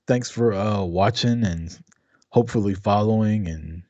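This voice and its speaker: A man's voice: fairly low pitch, slow, a little mellow, no room sound, muffled recording. A man co-hosting a casual live-stream podcast, laid-back and teasing, talking to the chat. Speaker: podcast co-host.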